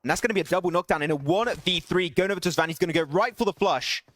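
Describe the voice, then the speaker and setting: A young man casting an online shooter match alone, excitable, his voice jumping up on big plays and laughing at himself between calls. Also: sits high, very fast. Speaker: esports caster streaming solo. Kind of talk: live game commentary with chat asides.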